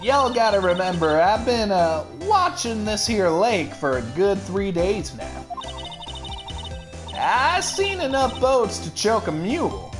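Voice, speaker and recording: A chatty, homespun Southern country girl with a drawling Southern US accent, as a woman puts her on for a game reading. She speaks slowly, and her pitch swings up and down. A soft music bed plays behind her. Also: sing-song. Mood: folksy. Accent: Southern US, put on. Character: folksy young Southern woman photographer.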